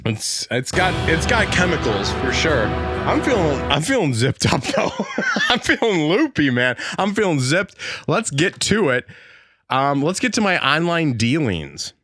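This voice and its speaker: A man hosting a comedy podcast, rambling through jokes in a mock-salesman patter. His voice is bright and fairly high, bouncing up and down with lively swings, and soft music plays behind him. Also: unhurried, slightly rough. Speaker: podcast host.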